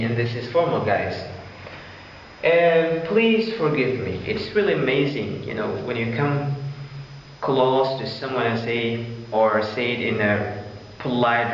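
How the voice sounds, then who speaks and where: A man's voice: medium pitch, a little hiss or hum. A man teaching an English lesson, casually repeating example phrases and calling his listeners guys. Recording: echoey distant room, dull sound.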